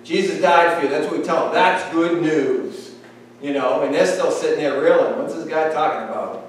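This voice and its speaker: A man preaching a sermon as pastor, talking in a conversational, animated way and acting out little dialogues. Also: on the high side, normal speed, slight background noise. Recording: echoey hall, speaker far from mic.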